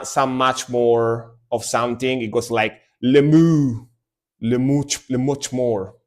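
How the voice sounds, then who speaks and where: A man from Italy with an Italian accent, streaming music reactions in casual, rambling commentary that repeats words and pokes fun at himself. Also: medium pitch.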